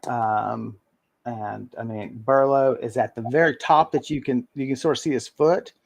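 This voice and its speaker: A man narrating a tabletop game as game master, halting and full of ums. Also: medium pitch, creaky.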